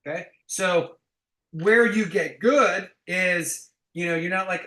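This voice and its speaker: Blunt, emphatic high-voiced sales coach. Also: male voice, slow, bright, forceful tone, roomy sound, rough recording. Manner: blunt, emphatic, swears casually.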